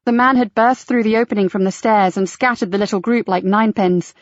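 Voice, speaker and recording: A woman reading a crime novel aloud in a steady, measured audiobook narration. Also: medium pitch, dry recording. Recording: dry, slightly dull audiobook recording.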